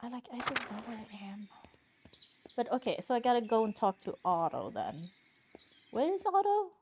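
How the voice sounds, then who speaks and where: A woman playing a story game and reading its dialogue aloud, thinking out loud casually and swearing often. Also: on the high side, very animated, normal speed, noisy background. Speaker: game streamer.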